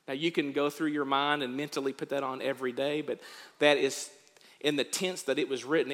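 A man preaching as a pastor, moving from quiet storytelling to rising exhortation. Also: a little high, big-room sound. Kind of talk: sermon.

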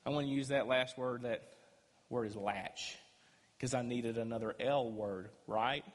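A man preaching a sermon as pastor, emphatic and swinging between loud and quiet. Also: medium pitch, steady tone, unhurried. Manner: emphatic preaching, rising and dropping loudness. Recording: echoey hall with long reverb.

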